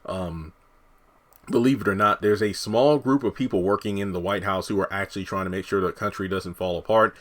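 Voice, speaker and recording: A man with a fairly low voice talks through a TV episode recap in a casual, rambling way. He pads his sentences with fillers and restarts as he goes. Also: fairly even intonation, brisk, a bit bright. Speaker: TV episode reviewer.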